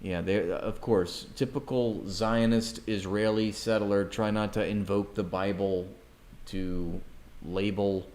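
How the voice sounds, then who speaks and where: A man's voice: lowish voice, steady tone, slow, few pauses, darkish tone. A man reading news articles aloud on a livestream, breaking off with sarcastic, mocking asides to his chat.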